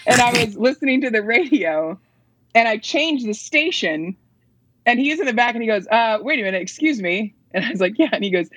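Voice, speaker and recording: A woman telling a story in casual chat, animated and laughing often. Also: on the high side, fairly quick, husky, poor audio.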